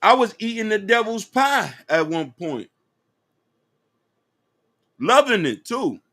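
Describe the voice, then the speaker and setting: A man co-hosts a casual debate in a preachy, insistent way. His voice sits a bit high, and he presses his point firmly. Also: very animated, takes it slowly, pushed and bright. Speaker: podcast co-host.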